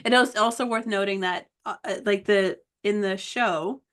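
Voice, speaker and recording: A woman's voice: medium pitch, normal speed, fairly bright tone. A woman co-hosting a casual fan podcast, laid-back and agreeable, often chiming in with short replies. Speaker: podcast co-host. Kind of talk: casual chat.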